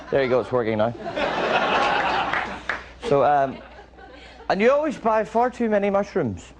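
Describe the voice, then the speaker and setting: A stand-up comedian, a man, talking on a television stage in a dry, meandering way and slipping into little acted scenes from daily life. His voice sits a little higher than most men's. A big studio audience laughs loudly over a noisy broadcast recording. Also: big pitch swings, measured pace, pauses often, a loud crowd. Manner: dry, rambling, acts out small everyday scenes. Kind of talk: observational stand-up routine.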